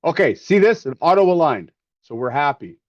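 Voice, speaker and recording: A man's voice: fairly high pitch, big pitch swings, moderate pace, no echo. A man hosting a casual livestream from a workshop, demonstrating 3D scanning while joking and rambling with plenty of fillers and restarts. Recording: slightly dull, lo-fi stream audio.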